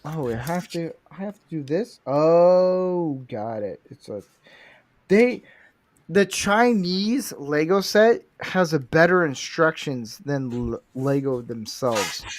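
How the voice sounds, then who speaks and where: Slow-talking foul-mouthed male streamer. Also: on the high side, animated. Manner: foul-mouthed, rambling, self-described redneck. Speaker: livestream host. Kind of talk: casual crude chat while building Lego.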